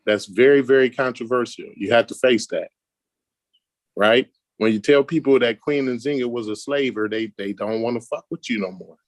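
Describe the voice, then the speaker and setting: A man's voice: mid-range voice, moderate pace, no echo. A man, co-hosting a podcast and defending the show in a heated group discussion. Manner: defensive, repeats "I'm just saying". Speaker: podcast co-host.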